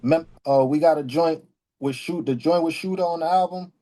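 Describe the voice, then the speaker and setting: Rapper dude with a mellow warm voice, easygoing, just telling how a track came together. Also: male voice, fairly high pitch, moderate pace. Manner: easygoing storytelling, acts out quoted texts. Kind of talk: casual interview chat.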